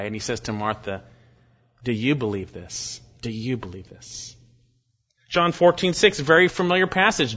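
A man preaching an expository sermon, reading verses aloud with slow, deliberate emphasis. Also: a little high, fairly bright tone. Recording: dull lo-fi recording.

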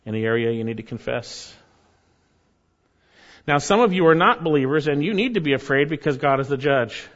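A man's voice: on the high side, animated, brisk, long pauses, fairly bright tone. A man preaching a sermon as pastor, earnest, with rising emphasis and asides to the congregation. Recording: dull, hall reverb.

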